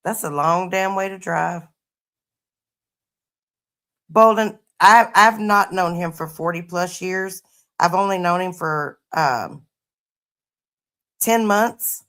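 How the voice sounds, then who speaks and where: A woman's voice: medium pitch, fairly bright tone. A middle-aged woman telling stories to her livestream viewers in a laid-back, profane, casual way. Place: her home.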